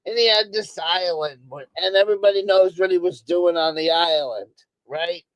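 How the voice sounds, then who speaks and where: A woman's voice: fairly low pitch, normal speed, dry recording, rough recording. A woman streamer on a profane, angry monologue who hammers on the same words again and again. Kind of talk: ranting monologue. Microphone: streaming microphone.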